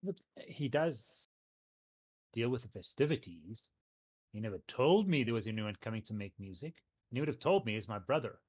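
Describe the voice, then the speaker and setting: A man voicing the mayor's rough, protective brother, a gruff townsman, on a dull lo-fi mic. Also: mid-range voice, lively intonation, moderate pace, a little mellow. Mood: wary.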